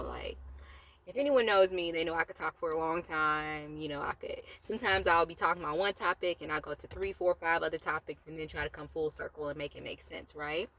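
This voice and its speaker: A woman talks in a relaxed, chatty way from inside her parked car, a little low in pitch. She rambles between asides while keeping an encouraging motivational thread. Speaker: motivational vlogger. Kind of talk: casual motivational talk.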